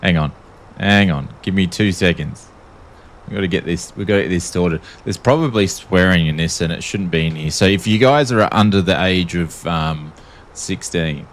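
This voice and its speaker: A man's voice: sits low, moderate pace, a little hiss or hum. A man with an Australian accent chatting casually on a livestream, talking freely and laughing often. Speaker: streamer.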